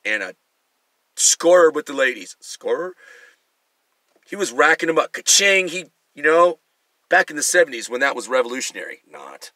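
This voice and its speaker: A man's voice: mid-range voice, sharp tone, no room sound. A middle-aged male comedian giving a rambling, profane, self-mocking monologue.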